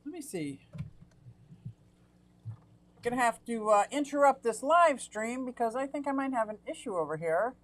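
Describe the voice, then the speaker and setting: A woman's voice: on the high side, lively intonation, normal speed, pauses often. Chatty middle-aged woman hosting a live stream. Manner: chatty, greets viewers by name. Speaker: aquarium hobbyist live-stream host. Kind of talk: casual live-stream chat.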